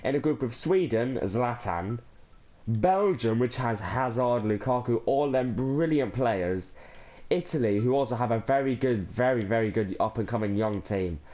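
Overjoyed Irish teen lad vlogging. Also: male voice, mid-range voice, expressive, moderate pace, warm tone. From Ireland. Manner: overwhelmed, breathless, rambling with restarts and sighs. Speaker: gaming vlogger. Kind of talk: excited casual vlog to camera.

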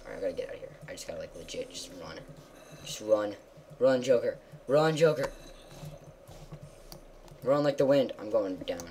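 Woman gamer yelling and muttering while she plays, super deep voice, all over the place pitch-wise. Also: fast, a little hiss or hum. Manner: excitable, exclaiming, swings from loud yelps to mutters. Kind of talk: casual gameplay commentary.

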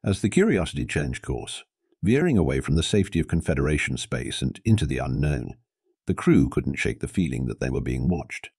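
A man narrating a science fiction story in a steady, dramatic storytelling manner. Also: a bass voice, a little fast, husky, no echo, clean studio sound.

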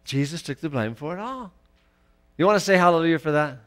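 Emphatic high-voiced male preacher. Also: expressive, quick pace. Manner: emphatic, rising to loud exclamations. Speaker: pastor. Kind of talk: sermon. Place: church.

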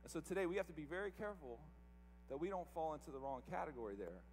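High-voiced man preaching in a reverberant church. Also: big pitch swings, fast talker, darkish tone, slight background noise. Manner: emphatic, rhetorical questions to the congregation. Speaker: pastor. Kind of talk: sermon. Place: church service.

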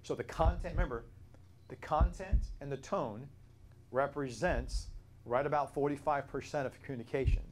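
A man's voice: medium pitch, a little hiss or hum. A man teaching a Bible study class, explaining points at length and answering questions from the room.

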